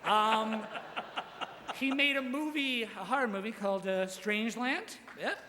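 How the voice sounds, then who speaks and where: A young man doing a crude, self-deprecating roast set on a stage mic, his punchlines jumping up into shouts. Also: high-pitched, measured pace, background noise. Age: young adult. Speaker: roast speaker. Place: large hall with audience. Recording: live hall recording with reverb.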